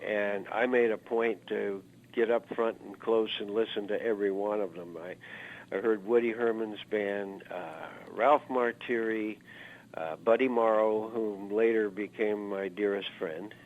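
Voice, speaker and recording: A man's voice: fairly low pitch, fairly even intonation, measured pace. A man in his seventies from Iowa, a musician telling stories in an interview, rambling and anecdotal, with plenty of "uh" fillers. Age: 70s. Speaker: guest musician. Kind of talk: reminiscing interview storytelling. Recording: narrow phone-like interview audio.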